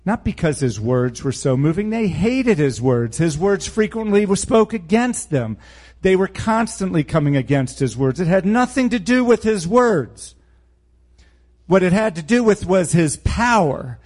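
A man's voice: high voice, very animated, a little slow, darkish tone. Blunt, sarcastic man preaching. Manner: blunt, emphatic, sarcastic asides. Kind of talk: sermon, verse-by-verse Bible teaching.

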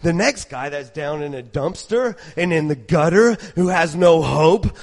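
A man's voice: on the high side, lively intonation, a little slow, hardly any pauses. A male preacher giving a sermon in an emphatic way, full of repeated rhetorical questions.

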